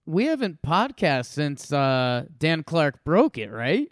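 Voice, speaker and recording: A man co-hosting a casual sports podcast, chatty and full of quick asides. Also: on the high side, sing-song, dry recording, studio quality. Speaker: podcast co-host.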